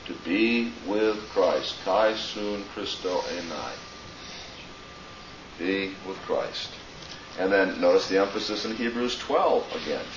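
A man teaching a theology class, speaking with deliberate emphasis and dropping in Greek phrases. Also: deep voice, lively intonation, noisy background. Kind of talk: classroom lecture. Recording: muffled, roomy, distant classroom recording.

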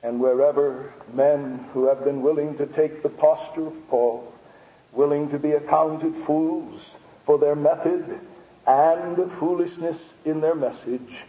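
A male preacher with a notably high voice, driving his points home with fervent emphasis and biting sarcasm. His voice booms through a big church hall with a long reverb. The old recording has a dull, muffled sound. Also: fairly even intonation, a little slow. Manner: emphatic, rising to shouts, sarcastic asides. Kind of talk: impassioned sermon.

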